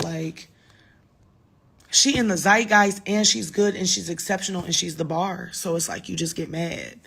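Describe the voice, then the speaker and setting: A woman's voice: lowish voice, steady tone, moderate pace, vocal fry, a bit bright, slight background noise. A woman in her thirties, a little drunk, rambling casually and profanely to fans in a late-night phone livestream.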